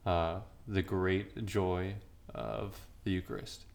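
Man, deep voice, podcast co-host, measured, explanatory. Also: fairly even intonation, vocal fry. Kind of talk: casual chat about liturgy.

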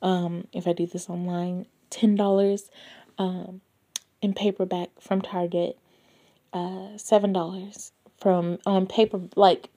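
A woman chatting casually about books, gushing and excitable, with breathless exclamations and hushed asides. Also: lowish voice, slow. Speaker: book vlogger. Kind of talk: casual chat.

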